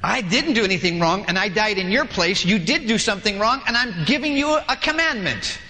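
A man voicing God as a patient, firm figure who calmly instructs a believer. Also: sits high, brisk. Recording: long hall reverb.

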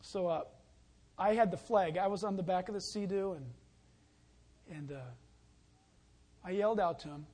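Preaching at a moderate pace with frequent pauses, a high-voiced pastor alternates reading scripture with telling a lively personal story. When the story peaks, he calls out loudly.

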